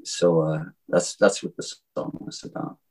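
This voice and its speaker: Give me a deep, husky-voiced man with a soft Southern drawl, musing haltingly in an interview. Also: fairly even intonation, rough recording. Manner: halting, many restarts and "you know"s. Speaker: songwriter guest. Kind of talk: reflective interview talk.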